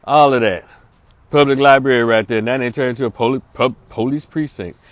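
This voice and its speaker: A man's voice: mid-range voice, fairly even intonation, a little fast, no room sound. A middle-aged man, a social worker telling a story in a casual, slangy way that turns into preaching. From North Memphis, Tennessee. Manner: slangy, streetwise, asks listeners for agreement.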